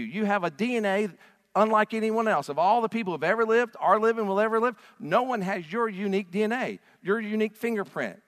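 A male pastor preaching a sermon to a congregation in an emphatic, declaring manner. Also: high-pitched. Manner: emphatic, rising to loud declarations. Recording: long reverb of a large hall.

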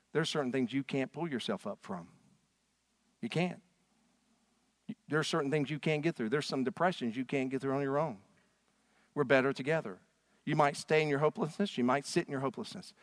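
A man's voice: medium pitch, no room sound, clean studio sound. A man preaching a sermon from a church stage, earnest and emphatic. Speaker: pastor.

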